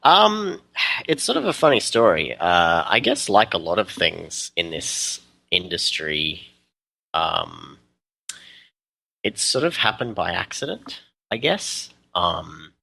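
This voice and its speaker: An Australian man with a deep voice that has a gravelly edge to it, answering questions in a relaxed podcast chat. His tone is bright and forward, and he laughs easily and pauses on fillers as he talks. The sound is dry and close, with no room around it. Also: no echo. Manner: easygoing, laughs often, many "um" pauses. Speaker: guest, custom terrain maker. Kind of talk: casual podcast interview.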